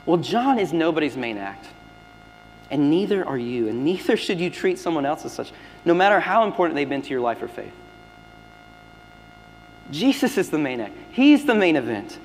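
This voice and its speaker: A man preaching a sermon as pastor, swinging between loud emphatic lines and hushed, near-whispered ones. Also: fairly high pitch, very animated, normal speed, long pauses, slight background noise. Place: church sanctuary. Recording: long hall reverb with faint music.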